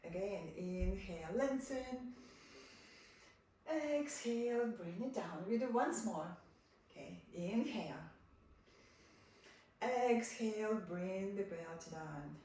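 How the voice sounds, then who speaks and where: A woman guides a yoga class with calm, repeated cues. She stands some way from the mic in a very echoey room, with a faint hum behind her. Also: mid-range voice, slow, long pauses, distant mic. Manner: gentle, repeats soft cues. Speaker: yoga teacher. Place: home room.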